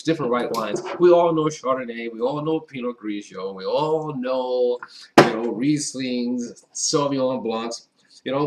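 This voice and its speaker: A man's voice: medium pitch, slight background noise. A man from Wisconsin hosting a casual wine tasting vlog, chatty and upbeat, talking straight to his viewers. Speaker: wine reviewer. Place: indoors at a table with a white background.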